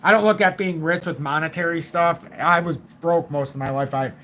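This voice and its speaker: Excitable man in his forties. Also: fairly high pitch, moderate pace, slight background noise. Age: 40s. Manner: excitable and emphatic, thinks aloud with fillers and mild swearing. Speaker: crypto live-stream host. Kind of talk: casual live-stream chart commentary.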